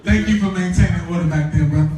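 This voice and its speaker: An excitable man hosts a live podcast, rambling through his stories in loose, slangy talk. His voice sits a bit high but sounds mellow, and it echoes heavily around the venue from a distant mic. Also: quick pace, slight background noise. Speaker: podcast host. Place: live podcast event before an audience.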